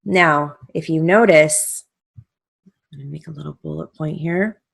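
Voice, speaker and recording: Slow, deliberate woman teaching stenography. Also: deep voice, gravelly. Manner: slow, deliberate dictation, spelling out letters. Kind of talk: recorded theory lesson.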